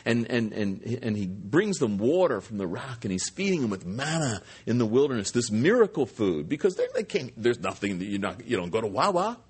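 A man preaching a sermon, telling a Bible story with animated asides, restarts and humor. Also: medium pitch, brisk, few pauses, breathy edge. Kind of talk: expository sermon.

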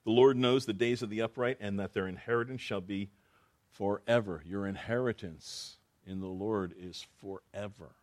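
A man's voice: lowish voice, steady tone, moderate pace, hardly any pauses, a little mellow. A man preaching as a pastor, reading Bible verses and explaining them in a conversational way, often repeating phrases and restarting sentences.

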